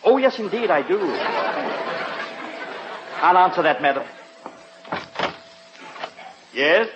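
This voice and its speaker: A prim English butler, high and polite, slipping teasing jabs at his employer with perfect manners. The sound is muffled like an old radio broadcast, with faint hiss and a bit of audience behind. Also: lively intonation, a little slow, crowd noise. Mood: dryly amused. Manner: formal, polite, sly teasing. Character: fussy, dry-witted English male butler. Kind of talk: 1940s radio comedy acting.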